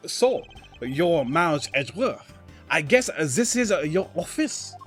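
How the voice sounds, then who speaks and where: A man's voice: on the high side, sing-song, measured pace, a bit bright, faint music behind, voice pushed up. A man voicing an indignant adult male prosecutor in a game, speaking in a stiff, emphatic way. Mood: accusing.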